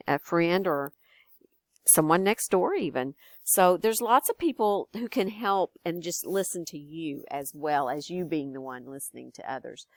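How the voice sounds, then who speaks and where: An older woman, teaching students in a gentle, encouraging way. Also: low voice, no echo. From Texas. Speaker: educator. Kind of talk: friendly recorded lesson for students.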